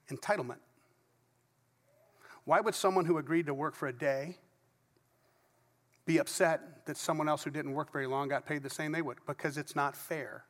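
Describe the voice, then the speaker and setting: A man's voice: on the high side, fairly bright tone. Middle-aged male pastor, casual story-led sermon with asides, recorded in a reverberant church. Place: church sanctuary before a congregation. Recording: long reverb of a large church hall.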